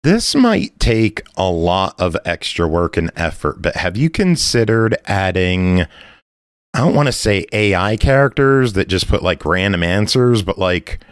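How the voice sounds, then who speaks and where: A man co-hosting a podcast, chatting casually and pitching ideas in an easygoing, meandering way. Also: sing-song, unhurried, dry recording, clean studio sound.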